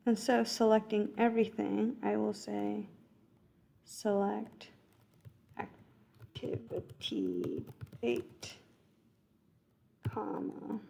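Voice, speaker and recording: A coding tutor records her screen while working through a coding exercise, thinking aloud, correcting herself and murmuring code as she types. Her voice is medium-pitched, gravelly and warm. There's slight background noise.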